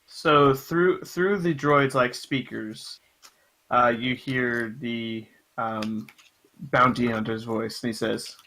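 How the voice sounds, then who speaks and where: Bright-voiced young male game master. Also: medium pitch, fairly even intonation. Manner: casual, joking, halting with fillers. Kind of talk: running a tabletop game.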